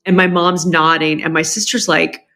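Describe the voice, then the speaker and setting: Here a podcast guest with a low-pitched voice talks at a moderate pace about something personal. Her account is candid and emotional, full of restarts, and she brings quoted family members to life by raising her voice.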